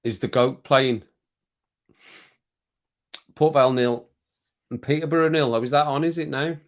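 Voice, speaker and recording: A man's voice: medium pitch, fairly even intonation, moderate pace. A middle-aged man with an English Midlands accent, chatting casually and rambling to live viewers from his home streaming room, chuckling as he goes. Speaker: livestream host.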